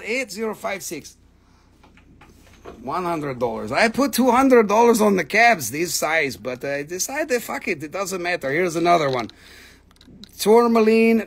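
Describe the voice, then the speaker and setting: An excitable man hosts a casual live sales stream from home, showing off stones and rattling off prices. His voice sits fairly high for a man, and he swears freely and gushes over how beautiful everything is. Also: a little slow, slight background noise. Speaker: host selling gemstones on a live stream. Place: home, with his dogs nearby.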